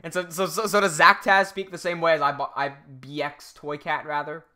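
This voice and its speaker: A man's voice: fairly high pitch, little pitch movement, normal speed, bright, forceful tone. A young man from Hong Kong with an American English accent, chatting casually on a livestream while reading out viewer comments. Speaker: streamer.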